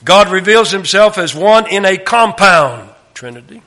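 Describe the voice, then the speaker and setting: A man giving a Bible teaching, emphatic, often dropping his voice low at the end of a phrase. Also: a little slow, few pauses. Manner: emphatic, drops to a hush at phrase ends. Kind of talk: sermon.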